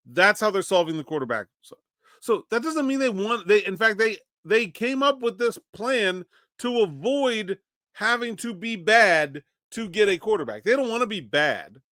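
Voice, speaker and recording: A man's voice: high-pitched, sharp tone, dry recording, studio quality. A man hosting a daily solo sports podcast, talking conversationally and thinking aloud with frequent restarts. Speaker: podcast host.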